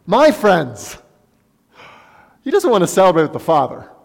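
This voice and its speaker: A man's voice: high-pitched, wildly swooping pitch, a little slow, gravelly. A male pastor preaching a sermon in an earnest way, repeating phrases for emphasis. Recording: long hall reverb.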